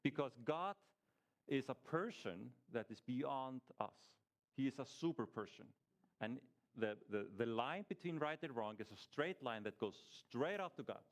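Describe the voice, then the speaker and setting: A man leads a small church group through a relaxed teaching session, his pitch sitting in an ordinary middle range. He talks conversationally, tosses questions out to the room and often restarts his sentences. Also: moderate pace.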